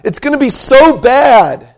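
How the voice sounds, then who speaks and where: A man's voice: extremely high pitch, very animated, a little slow, a little mellow, voice pushed up, full character voice. A man voicing God as a stern, menacing male voice that makes emphatic declarations. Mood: ominous.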